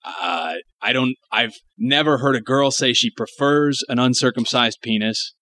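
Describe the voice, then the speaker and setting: A man's voice: mid-range voice, measured pace, bright, forceful tone, no room sound. A young man co-hosting a podcast, talking casually and ranting in a profane, emphatic way. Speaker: podcast co-host. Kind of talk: crude casual chat.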